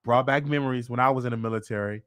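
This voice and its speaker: A man's voice: medium pitch, fairly even intonation, rapid-fire, fairly bright tone, clear, resonant tone. A man hosting his show, telling a long story in a rambling casual way, with many repeats and restarts. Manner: rambling, repeats himself, quotes people with changing voice. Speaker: host. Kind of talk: casual monologue.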